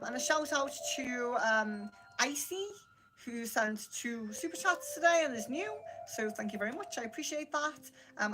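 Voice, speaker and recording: A woman's voice: sits high, low-quality recording. A British woman hosting a live-stream card reading, greeting viewers by name and chatting casually with many fillers. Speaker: psychic livestream host.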